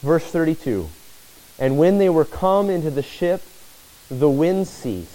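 High-voiced man preaching a dramatic sermon. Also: lively intonation, unhurried, mellow. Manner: dramatic retelling with rising and falling delivery.

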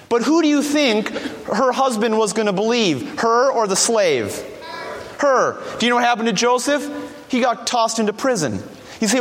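High-voiced dramatic male preacher. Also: lively intonation, moderate pace, fairly bright tone. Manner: dramatic, rhetorical questions to the congregation. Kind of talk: sermon storytelling. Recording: long hall reverb.

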